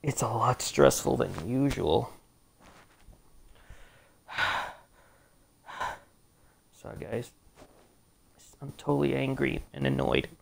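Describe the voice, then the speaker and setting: A man's voice: mid-range voice, expressive, slow pace, vocal fry, long pauses. A man doing live commentary over a video game, chatty, swearing a lot and breaking into frustrated outbursts. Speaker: let's play gamer. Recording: gameplay audio with loud game noise.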